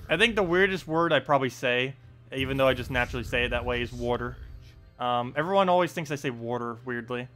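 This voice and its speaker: A man's voice: mid-range voice, fairly bright tone. A man streaming a video game, casually talking through his moves and thinking aloud with lots of filler words. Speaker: gaming live streamer. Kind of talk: casual gameplay commentary. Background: faint game music.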